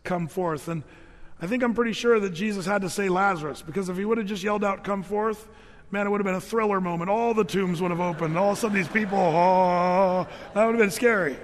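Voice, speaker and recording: A male pastor preaching a sermon, reading scripture and explaining it in a casual, joking way, his voice dropping lower for the verses. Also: racing. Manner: conversational and jokey, drops low for read verses. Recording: long hall reverb.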